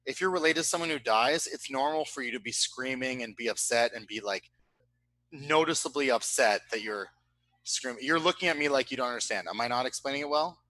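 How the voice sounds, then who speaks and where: A young man casually telling a long anecdote over a remote call, animated and profane, often tagging on "right?". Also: mid-range voice, a little fast, poor audio. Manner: animated, profane, with frequent tag questions.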